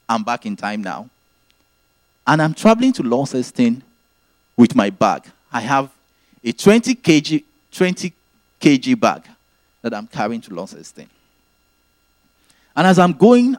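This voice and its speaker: A man's voice: mid-range voice, no room sound. A man preaching a sermon, teaching earnestly and repeating his key phrases.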